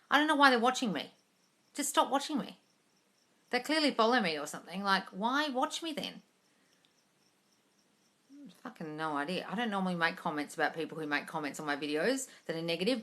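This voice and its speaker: Animated, bright-voiced woman, sweary. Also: fairly high pitch. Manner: blunt and sweary, swings between muttering and loud exclamations. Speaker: manifesting coach hosting a live Q&A. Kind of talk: casual live-stream chat reading comments.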